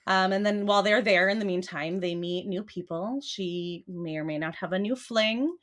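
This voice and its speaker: A woman's voice: medium pitch, normal speed, fairly bright tone. A woman author, a guest on a podcast, talking casually with many fillers and laughs through her sentences.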